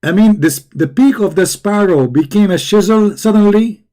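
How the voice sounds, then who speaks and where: Man, debate host, mocking and combative, slightly high voice, dark mellow tone. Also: moderate pace. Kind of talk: live online debate commentary.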